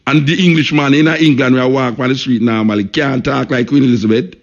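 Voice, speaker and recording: A man's voice: medium pitch, steady tone, fairly quick, dull audio. A man with a Jamaican accent hosting a radio talk show, speaking emphatically, repeating points and saying "you know" often.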